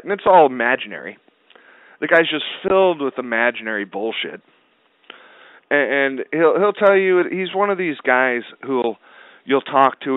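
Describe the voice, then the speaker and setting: A man's voice: mid-range voice, dry recording. Male interview guest, rambling and profane, mid-range voice heard over a narrow phone line. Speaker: guest film producer. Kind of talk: casual storytelling interview. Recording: tinny dry phone line.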